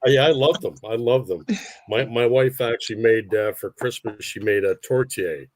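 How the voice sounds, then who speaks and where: Friendly, halting Canadian man. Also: mid-range voice, dry recording. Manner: friendly, halting, repeats words. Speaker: livestream guest. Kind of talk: casual chat.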